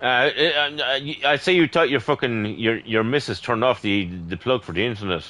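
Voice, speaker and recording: A man's voice: medium pitch, moderate pace, pushed and bright. A man with an Irish accent, a gaming streamer chatting casually with another player, joking boisterously and swearing freely. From Ireland. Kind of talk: casual voice chat while gaming.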